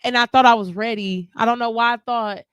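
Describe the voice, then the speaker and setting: Grieving woman, smooth clear voice. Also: on the high side, steady tone, a little fast, fairly bright tone, no room sound, studio quality. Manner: emotional, rambling, restarts often. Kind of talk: casual chat. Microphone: live stream mic.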